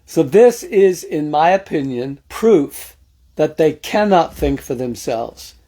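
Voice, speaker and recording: A man's voice: on the high side, expressive, slow, warm tone. A man hosting a political commentary show, talking casually and sarcastically to his viewers, greeting them by name and punctuating points with amen.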